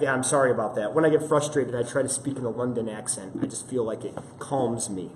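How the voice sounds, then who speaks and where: A man hosts a live fitness stream, casually and apologetically greeting viewers, his medium-pitched, darkish voice running a little fast with hardly any pauses. It's recorded on a camera-mounted mic, with roomy echo and faint ambient noise.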